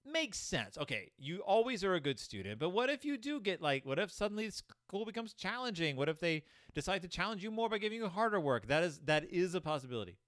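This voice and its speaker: A man's voice: high-pitched, moderate pace, dry recording, studio quality. A young man giving sarcastic, comedic commentary on a children's book, jumping into voices. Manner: sarcastic, animated, puts on voices. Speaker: host reviewing a children's book.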